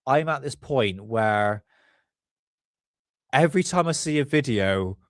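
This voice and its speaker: Chatty streamer, stuffy nose, mid voice, dry close sound. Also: male voice, mid-range voice, lively intonation, slow pace, no echo. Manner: rambling, chatty, self-correcting. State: congested, stuffy sinuses. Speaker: livestream host. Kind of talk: casual livestream commentary.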